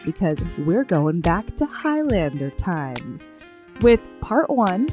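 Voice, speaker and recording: A woman's voice: fairly low pitch, big pitch swings, takes it slowly, mellow, faint music behind. A woman podcast co-host chatting casually over a remote call, giggly and reassuring. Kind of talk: casual chat.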